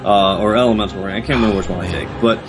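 A man's voice: fairly low pitch, fairly even intonation, very fast, music in the background. A man co-hosting a casual gaming podcast, rambling through a story with lots of restarts. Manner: rambling, full of fillers and restarts while telling a story. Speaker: podcast co-host.

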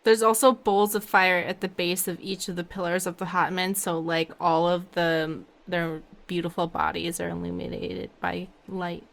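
A woman's voice: fairly low pitch, little pitch movement, moderate pace, gravelly, few pauses. A woman playing a tabletop game, joking in an offhand way. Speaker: player. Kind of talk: casual tabletop chat.

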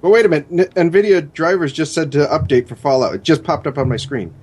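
A man's voice: on the high side, fast, a little mellow, husky. Playful man cracking asides. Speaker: podcast co-host. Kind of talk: casual podcast chat.

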